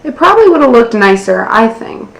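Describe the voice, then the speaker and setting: Very animated and brisk, a young American woman in her twenties speaks in a slightly high, creaky voice while narrating a casual nail art tutorial. She's self-deprecating and swears casually, recorded in an echoey room with faint background noise.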